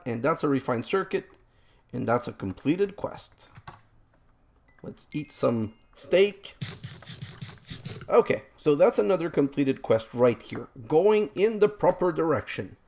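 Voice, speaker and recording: Gravelly-voiced man doing game commentary. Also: on the high side, darkish tone. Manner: rambling, self-mocking, exasperated at setbacks. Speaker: let's play host. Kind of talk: let's play game commentary.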